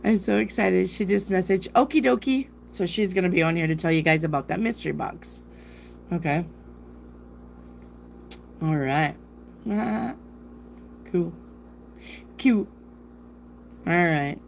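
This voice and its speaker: A gravelly, fairly low female voice moves slowly with long pauses over slight background noise. She's a South Dakota tarot reader with a northern US accent, chatting and rambling on a live stream while reading viewer questions out loud.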